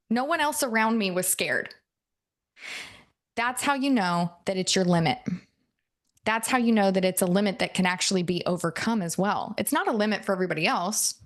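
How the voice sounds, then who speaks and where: A woman with a fairly high voice gives a coaching talk before a live audience. She tells stories in a chatty way and keeps checking in with her listeners. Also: a bit bright. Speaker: NLP and hypnosis coach.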